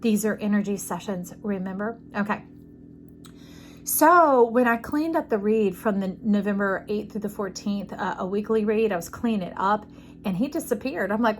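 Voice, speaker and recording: A woman's voice: mid-range voice, a little fast, a little hiss or hum. A woman giving an intuitive tarot reading to camera, effusive and preachy, often checking in with the listener. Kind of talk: casual spiritual reading to camera.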